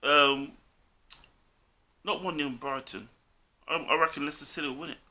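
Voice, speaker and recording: Blunt, swearing man with bright voice. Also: fairly high pitch, fairly even intonation, normal speed. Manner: blunt, swears a lot, says mate constantly. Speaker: co-host. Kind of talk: casual football chat.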